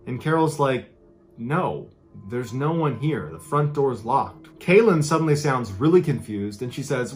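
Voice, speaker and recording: A man's voice: mid-range voice, expressive, normal speed. A man narrating a true story in a dramatic storytelling style. He acts out quoted lines with a raised voice. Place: played from an original video inside a reaction video.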